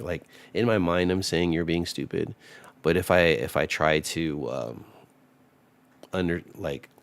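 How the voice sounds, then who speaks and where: A married man casually reading scripture and reflecting on it in a relaxed, rambling way, often restarting and laughing softly. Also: extremely low pitch. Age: adult married man. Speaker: Bible study vlogger.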